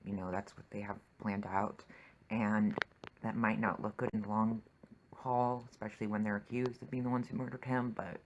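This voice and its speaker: A man's voice: fairly low pitch, level tone, moderate pace, lo-fi sound, background noise. A man ranting emotionally about a TV episode as he reacts to it, swearing and exclaiming often. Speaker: TV reaction vlogger.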